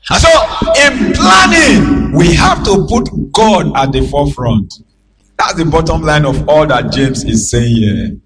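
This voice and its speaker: A man with a Nigerian accent preaching a sermon as a pastor, emphatic and calling out to the congregation for responses, with bursts of shouting. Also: a little high, lively intonation, moderate pace, low-quality recording.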